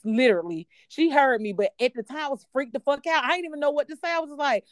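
A woman co-hosting a podcast, telling a personal story in a candid, profane and animated way. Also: high voice, fast talker, no room sound, clean studio sound. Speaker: podcast co-host. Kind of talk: casual storytelling chat.

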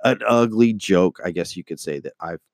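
Low-voiced man telling a story. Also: normal speed, no echo, clean studio sound. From United States. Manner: rambling, animated, acts out quoted voices; swears casually. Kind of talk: casual spoken anecdote.

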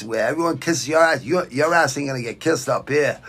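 A middle-aged man with a thick Boston accent, talking in a loose, rambling rant. He swears constantly and speaks bluntly, at a medium pitch. He sounds like a podcast host reading live comments and going off on tangents. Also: fairly quick, fairly bright tone, slightly rough. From Southwest Quincy, Massachusetts. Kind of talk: casual profane podcast rant.

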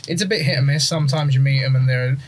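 A man's voice: medium pitch, fast, background noise. A man, a wrestler telling funny anecdotes in casual chat. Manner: animated, laughing anecdotes. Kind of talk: casual storytelling.

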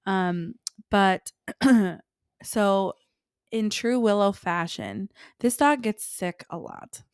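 A young woman co-hosts a relaxed chat podcast and tells her stories with energy, acting out her own reactions along the way. Her voice sits at an ordinary middle pitch. The sound is dry and close, with no room around it. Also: drawn-out words, smooth, no echo. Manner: animated storytelling, acts out her own reactions. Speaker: podcast co-host. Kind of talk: casual chat.

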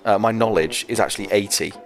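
A man's voice: fairly low pitch, fast. A man playing a tabletop game, joking and explaining his character and the rules. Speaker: player. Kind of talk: tabletop game play, casual chat. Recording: music playing behind voices.

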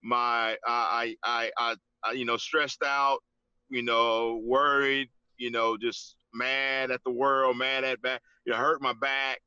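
A man, telling his story in an interview, halting, with many restarts, often saying "man". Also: mid-range voice, flat delivery, pushed and bright, clear, resonant tone, no room sound, highs cut off. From Georgia, US. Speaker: interview guest. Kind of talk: casual testimony in an interview.

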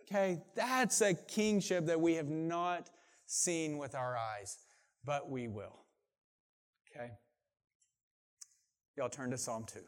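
A man's voice: on the high side, slow pace, pauses often. A man preaching a sermon, reading scripture aloud with rising force and dropping into casual asides to the congregation. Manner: animated, builds volume and pace when reading scripture aloud. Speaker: pastor.

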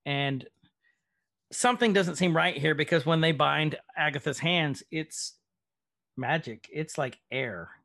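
A man talks through a show episode in a loose, rambling way, with lots of ums and asides. His voice sits a little high. The sound is dry and close, with no room echo. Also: a little slow, gravelly, sharp tone. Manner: chatty, rambling with many ums. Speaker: podcast host. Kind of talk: casual recap chat.

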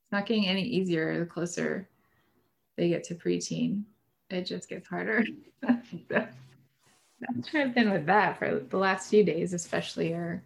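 A woman's voice: fairly low pitch, moderate pace, vocal fry. A woman in her thirties, a mom, chatting on a podcast in a reflective, musing way, often trailing off mid-thought. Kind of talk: casual chat.

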